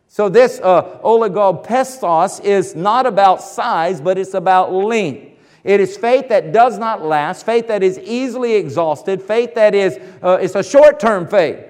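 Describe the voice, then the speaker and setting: Emphatic preacher in a reverberant hall. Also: male voice, high-pitched. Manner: emphatic preaching, swings between loud bursts and hushed asides. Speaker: pastor. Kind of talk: sermon.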